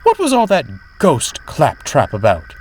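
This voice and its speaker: A man's voice: on the high side, wildly swooping pitch, a little slow, noisy background, pitched above the performer's own voice. A man voicing a prim female railcar with a flouncing, huffy manner.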